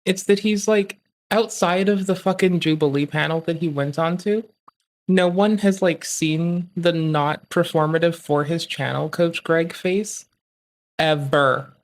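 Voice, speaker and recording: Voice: mid-range voice, a little slow. A streamer reacting to a clip live, rambling and swearing with many fillers. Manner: rambling, profane, lots of fillers.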